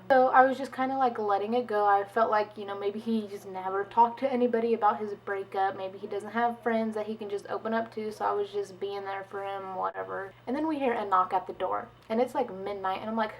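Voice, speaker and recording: A woman's voice: medium pitch, a little hiss or hum, rough recording. Chatty young woman telling a story. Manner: chatty, animated, full of "like" and quoted dialogue. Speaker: vlogger. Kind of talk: casual storytime.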